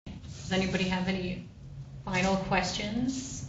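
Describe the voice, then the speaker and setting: A woman's voice: medium pitch, a little slow. A woman interviewing an author, asking curious, friendly questions. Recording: distant, echoey, dull, noisy room.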